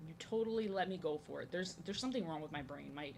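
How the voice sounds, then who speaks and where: A woman's voice: deep voice, lively intonation, quick pace, vocal fry, darkish tone. Young American woman, chatty, self-deprecating, casual drawing stream, faint room noise. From United States. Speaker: art streamer. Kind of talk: casual rambling chat while drawing.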